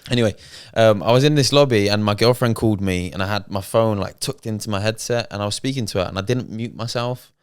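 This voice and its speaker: A man's voice: lowish voice, quick pace, few pauses, smooth, no room sound, clean studio sound. A young man co-hosting a podcast, bantering casually and swearing freely. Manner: laid-back banter, swears and laughs often. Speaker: podcast co-host. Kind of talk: casual chat.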